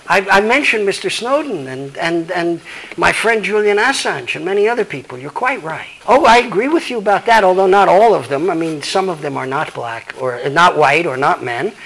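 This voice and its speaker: Law professor, male, high-pitched and blunt, swearing freely, taking audience questions. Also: gravelly, a bit bright, a little hiss or hum, poor audio. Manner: emphatic, blunt, profane. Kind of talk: lecture with audience Q&A.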